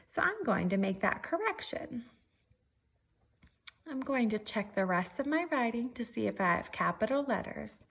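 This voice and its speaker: A woman's voice: mid-range voice, gravelly, slightly rough. A woman teacher giving a virtual writing lesson, working through her draft methodically and thinking aloud step by step.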